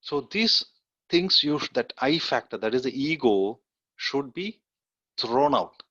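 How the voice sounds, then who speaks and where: A man's voice: medium pitch, expressive, a little slow, pushed and bright, no echo. A middle-aged man with an Indian English accent gives an earnest lecture with a personal story, often checking in with the listeners. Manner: earnest, often checks in with "okay?" and "you know". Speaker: guest lecturer. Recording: dull dry lo-fi audio.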